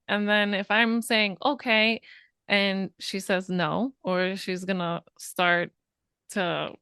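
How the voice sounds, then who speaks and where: A woman's voice: mid-range voice, fairly bright tone, clean tone, dry recording, studio quality. A woman co-hosting a parenting podcast, talking candidly about her own struggles as a mother. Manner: candid, chatty, self-deprecating. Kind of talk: casual podcast chat.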